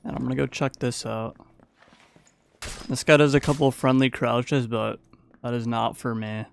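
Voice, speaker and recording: Gravelly man narrating gameplay. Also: mid-range voice, flat delivery, normal speed. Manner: casual, playful play-by-play recap. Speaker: gaming YouTuber. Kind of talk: gameplay commentary voice-over.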